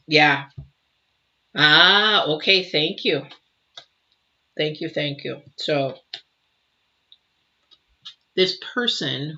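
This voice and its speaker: Female tarot reader, emotive, rambling and comforting; low-set, forceful tone, muffled lo-fi audio. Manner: emotive, chatty, reassuring, with many fillers and restarts. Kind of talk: live tarot reading and viewer Q&A. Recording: dull lo-fi sound.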